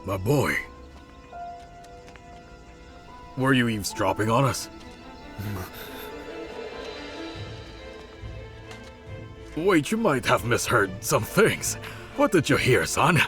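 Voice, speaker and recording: A man's voice: mid-range voice, big pitch swings, moderate pace, soft background music. An actor dubbing a ruthless rich businessman father who gives curt, commanding orders. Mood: probing. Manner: curt, commanding, then shouting.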